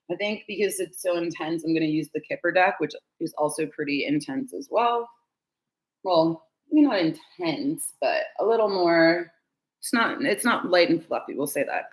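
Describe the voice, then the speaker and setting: A woman giving a casual tarot reading to camera, chatty and candid, laughing often and swearing casually. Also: deep voice. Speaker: tarot reader.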